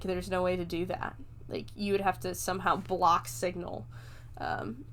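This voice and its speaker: A woman's voice: medium pitch, slight background noise. A woman hosting a podcast, recapping a film in a chatty, rambling way, swearing casually and laughing often. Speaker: podcast host reviewing a film.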